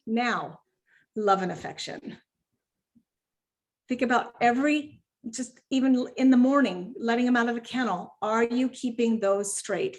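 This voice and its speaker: A woman dog trainer coaching clients over a video call, animated and quick to act out owners and puppies. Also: on the high side. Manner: animated, acts out owners and puppies in quoted voices. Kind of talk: virtual client training session.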